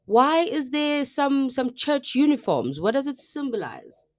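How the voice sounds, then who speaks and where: A young South African woman co-hosting a live radio show, chatting and telling stories in a lively, casual way. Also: high-pitched, unhurried. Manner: chatty, animated storytelling, mixing in local phrases. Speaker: radio co-host.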